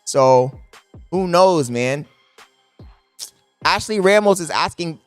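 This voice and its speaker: Loud, profane young male streamer. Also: a little high, expressive, slow pace, pauses often, smooth, no room sound, soft background music. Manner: loud, yelling into the mic, profane, laughing. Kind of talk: casual live-stream chat. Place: apartment. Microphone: desk microphone.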